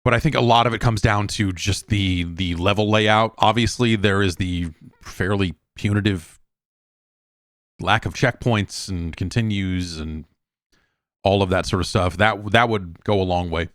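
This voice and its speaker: Low-voiced man rambling through a game review. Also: measured pace, a bit bright, no room sound, studio quality. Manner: rambling, conversational, lots of restarts and asides. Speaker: show host. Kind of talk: casual solo game review talk.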